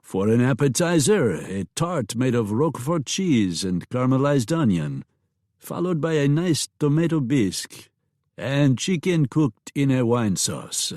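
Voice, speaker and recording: A man's voice: medium pitch, sing-song, a little slow, a little mellow, no echo, studio quality, voice pushed up. A man voicing a polished, gallant saloon owner with a French accent, in a flowery, courtly manner, for an audiobook. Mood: gracious.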